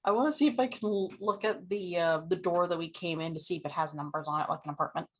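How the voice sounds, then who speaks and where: A woman's voice: on the low side, fast talker. A woman player in a tabletop game, describing her character's actions in the third person.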